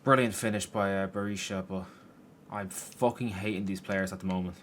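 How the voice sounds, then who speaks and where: Low-voiced man swearing over gameplay. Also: fairly even intonation, moderate pace, fairly bright tone, slight background noise. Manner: swearing, frustrated outbursts at the game. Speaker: gaming YouTuber. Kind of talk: gameplay commentary. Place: his room at home.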